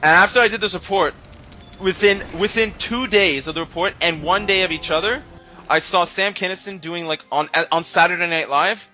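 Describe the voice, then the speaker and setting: A man chatting casually as co-commentator on a video game playthrough, rambling through stories and quick to exclaim. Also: high voice, bright, forceful tone, faint music behind, poor audio. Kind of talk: casual gameplay banter.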